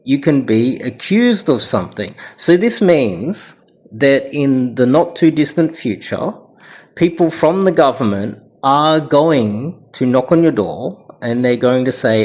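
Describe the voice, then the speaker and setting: A man's voice: medium pitch, expressive, a little slow, a little mellow. A man with an Australian accent giving reaction commentary in a ranting, sarcastic manner.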